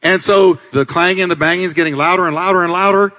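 Male pastor, dramatic sermon delivery, bright and animated, reverberant sanctuary. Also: fast talker. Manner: dramatic preaching, swings between loud climaxes and low asides. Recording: long hall reverb.

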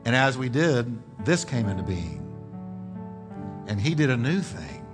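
Man preaching a lively sermon. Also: unhurried, over music. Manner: preaching with sweeping pitch swings and emphatic climaxes. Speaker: pastor. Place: church sanctuary.

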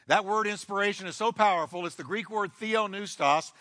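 A male pastor preaching a sermon emphatically, with sweeping shifts in pace and dramatic pauses, in a church. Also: high voice, expressive, sharp tone. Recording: long hall reverb.

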